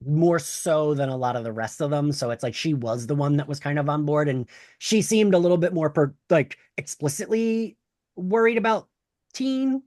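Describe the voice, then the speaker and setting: A man hosting a video podcast, chatting loosely and excitably about a show. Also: a little high, moderate pace, dry recording, clean studio sound. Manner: loose, excitable, swears casually. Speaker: podcast host. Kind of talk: casual pop-culture chat. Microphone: close mic on camera, dry.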